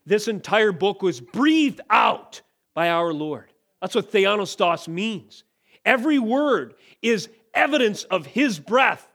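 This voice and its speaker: High-voiced man preaching with emphatic force. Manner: emphatic preaching, rising to loud declarations. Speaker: pastor. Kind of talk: sermon.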